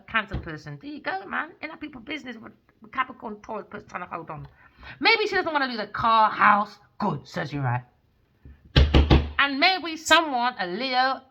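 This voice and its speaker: Excitable, swearing woman reading tarot. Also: mid-range voice, highs cut off. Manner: excitable, profane, storytelling with laughter. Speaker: tarot reader. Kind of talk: rambling spoken tarot reading.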